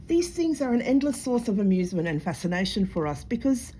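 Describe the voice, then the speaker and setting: A woman's voice: medium pitch, animated, normal speed, dark tone, a little hiss or hum. A middle-aged Australian woman chatting casually to camera in a blunt, sarcastic, mocking way while she makes jewellery. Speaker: jewellery maker and vlogger.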